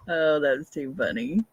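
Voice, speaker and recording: A woman's voice: sits low, slightly rough, muffled recording. An older woman hosting a casual livestream, chatting, answering viewer comments and laughing often. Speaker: livestream host.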